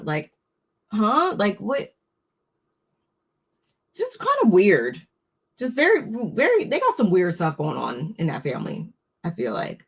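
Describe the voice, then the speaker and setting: A woman's voice: lowish voice, wildly swooping pitch, a little slow, creaky, long pauses, slightly rough. A woman giving a casual, opinionated recap of a reality show, talking freely with frequent restarts. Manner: chatty, opinionated, restarts often. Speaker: recap host.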